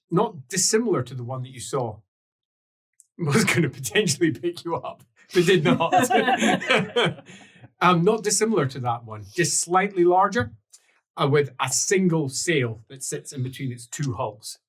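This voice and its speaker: A man running a tabletop role-playing game, narrating the scene with animated energy and bursts of sound effects. His voice is husky and breathy, and his pitch rises and falls in a lively way. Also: measured pace. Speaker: game master.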